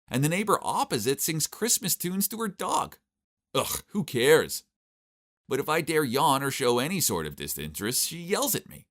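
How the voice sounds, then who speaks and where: A young man giving wry, exasperated first-person narration of an animated story. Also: lowish voice. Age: young adult.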